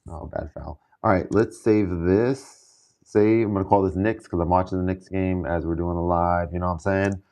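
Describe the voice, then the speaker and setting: A man livestreaming as a music producer, chatting casually and thinking aloud in a relaxed way while he adjusts his gear. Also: deep voice, normal speed, hardly any pauses.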